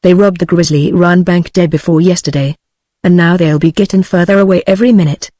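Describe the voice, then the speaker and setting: A text-to-speech woman's voice with a British English accent, reading the lines of a desperate middle-aged male frontier sheriff in a storybook, in a flat way. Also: lowish voice, a little fast, no echo, studio quality, close to an everyday voice. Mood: pleading. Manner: flat synthetic reading of dialogue.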